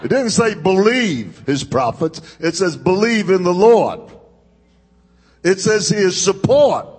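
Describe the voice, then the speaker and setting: A man preaches to his congregation in a church, his voice high and a little husky. He takes his time, stretching phrases for emphasis and calling for responses. The sound rings out with a long hall reverb. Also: expressive, slow, a little mellow. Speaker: pastor. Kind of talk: sermon. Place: church sanctuary.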